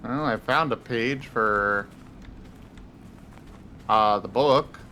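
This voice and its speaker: A man's voice: mid-range voice, bright, forceful tone, slight background noise. A man playing a game with friends, chatting casually and reading in-game notes aloud. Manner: unhurried, reads notes aloud. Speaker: game player.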